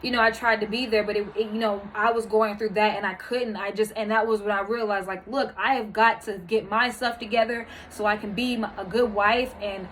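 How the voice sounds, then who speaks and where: A woman talks in an earnest, heartfelt way and leans on plenty of "you know" fillers as she speaks straight to the listener. Her voice sits at an ordinary middle pitch. A faint background noise hangs behind her. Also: steady tone, a little fast, few pauses, a bit bright, rough recording. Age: adult, married mother. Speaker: podcast host. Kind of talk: candid personal monologue.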